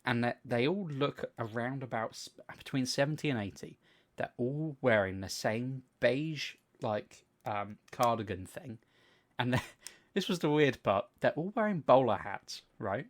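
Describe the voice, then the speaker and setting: A young man with a mid-range voice, chatting on a podcast. He tells long stories in an animated way and swears freely. He slips into other people's voices to act out what they said. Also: medium pitch, measured pace. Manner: animated storytelling, swears freely, acts out quotes. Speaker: podcast co-host. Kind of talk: casual chat.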